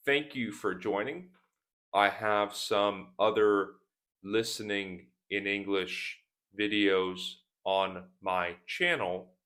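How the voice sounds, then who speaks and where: Very slow, low-voiced male English teacher. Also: fairly bright tone. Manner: repeats words for pronunciation practice. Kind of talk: slow, deliberate teaching talk. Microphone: speaking to camera at a desk.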